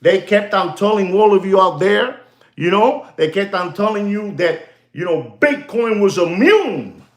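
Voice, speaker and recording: A man's voice: sits high, measured pace. A man hosting a live stream, rambling in a teasing, lecturing way, packed with "you know" fillers. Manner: animated, excitable, constant "you know" fillers. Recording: roomy, echoey room sound.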